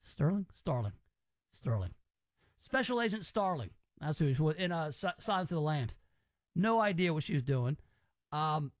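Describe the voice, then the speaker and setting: High-voiced opinionated man. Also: dry recording. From Southern US. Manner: opinionated and rambling. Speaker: podcast host. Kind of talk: casual chat.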